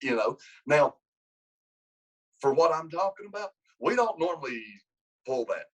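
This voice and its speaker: A man's voice: fairly high pitch, a little slow, slightly rough, low-quality recording. A man, a wrestling coach telling a long story in an interview, rambling and restarting his sentences. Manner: rambling with many restarts, lively when acting out quotes.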